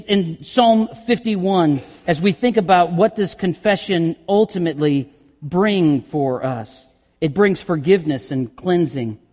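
Impassioned preacher man in a reverberant church. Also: sits high. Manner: reads scripture slowly, builds to loud impassioned climaxes. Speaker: pastor. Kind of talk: sermon. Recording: long reverb of a sanctuary.

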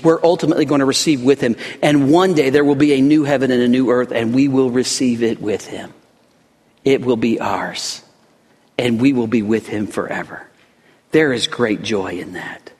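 A man preaching a sermon as pastor, impassioned, swinging between soft passages and loud, rising emphasis. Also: medium pitch. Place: church sanctuary. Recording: long reverb of a large room.

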